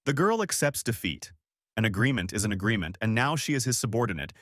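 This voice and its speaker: A man narrating a comic story recap in a steady, scripted present-tense summary. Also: lowish voice, fast, no room sound, clean studio sound.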